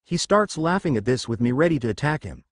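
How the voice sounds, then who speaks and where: A man's voice: mid-range voice, big pitch swings, quick pace, no room sound, clean studio sound. A man narrating a first-person fan fiction story and reading every character's lines in his own voice. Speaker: fanfiction narrator.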